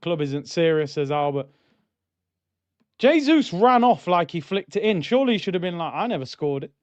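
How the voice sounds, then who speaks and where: Guy on a footy watchalong stream, high voice, smooth, flips between shouting and grumbling. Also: moderate pace, no room sound, lo-fi sound. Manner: excitable, shouts at goals, then grumbles and reads comments. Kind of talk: live match reaction with chat reading.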